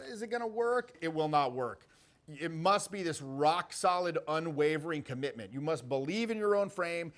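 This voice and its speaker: A middle-aged man coaching social skills in a brash, profane way, acting out sample lines as he goes. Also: fairly high pitch. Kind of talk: casual coaching talk.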